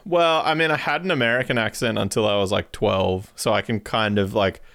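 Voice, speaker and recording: Smooth low-voiced man, rambling guest. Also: brisk, a bit bright, no echo, clean studio sound. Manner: rambling, laughs between answers. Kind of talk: casual podcast chat.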